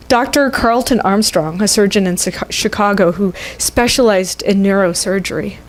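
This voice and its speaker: A woman minister telling a story in a sermon, conversational and expressive. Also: medium pitch. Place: church sanctuary.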